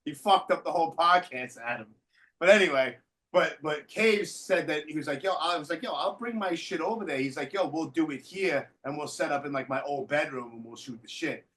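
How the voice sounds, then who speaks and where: A man's voice: fairly high pitch, brisk. A man hosting a podcast, telling stories in casual chat with lots of swearing. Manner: animated storyteller, swears freely. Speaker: podcast host.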